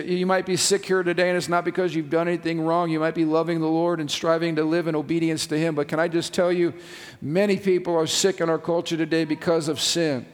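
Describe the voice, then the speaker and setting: A man preaching a sermon as pastor, reading scripture and stretching key phrases for emphasis. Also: fairly high pitch. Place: church sanctuary. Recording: long reverb of a church hall.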